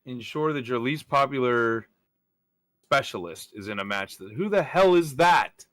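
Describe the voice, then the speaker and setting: Man, gaming stream co-host, hesitant casual talk, bright tense voice, dry close mic. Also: mid-range voice, animated, measured pace, no room sound. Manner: hesitant, restarts his sentences. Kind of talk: casual chat while playing.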